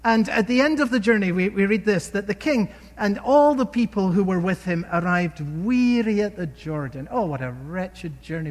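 Male preacher, high and lively pitch, emphatic sermon delivery, reverberant hall sound. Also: moderate pace, hardly any pauses. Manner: animated, emphatic storytelling with rhetorical questions.

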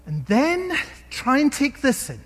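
Male preacher, high and lively pitch, emphatic sermon delivery, reverberant hall sound. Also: measured pace. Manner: animated, emphatic storytelling with rhetorical questions.

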